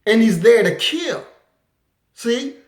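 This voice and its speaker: A woman giving an impassioned lecture, forceful and animated, slipping into acted quotes. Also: fairly high pitch, takes it slowly. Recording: roomy echo.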